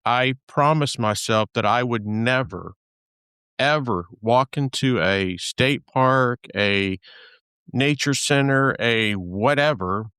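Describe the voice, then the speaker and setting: Podcast host, man from Texas, mid-pitched, smooth voice, loose rambling delivery. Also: slow, pushed and bright, no room sound, studio quality. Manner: rambling, many fillers and restarts. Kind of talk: casual chat.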